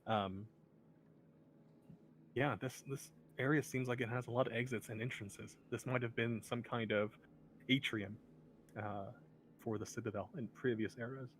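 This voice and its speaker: A man's voice: medium pitch, fairly even intonation, moderate pace, pauses often, a bit bright, a little hiss or hum. A man narrating a tabletop game as game master, hesitant, with many ums and uhs.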